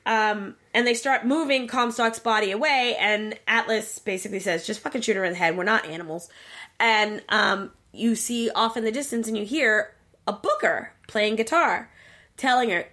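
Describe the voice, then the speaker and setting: A woman co-hosting a casual chat, retelling a game's plot in an animated way with plenty of swearing. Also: a little high, normal speed. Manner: profane, animated storyteller. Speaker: podcast co-host.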